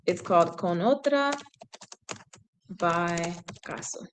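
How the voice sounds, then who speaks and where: A woman, casually reading aloud and translating on a live stream, chatty and quick to correct herself. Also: on the low side, expressive, a little hiss or hum. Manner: chatty, self-correcting, laughs at herself, drops into sung snippets. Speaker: language learner streaming a reading session.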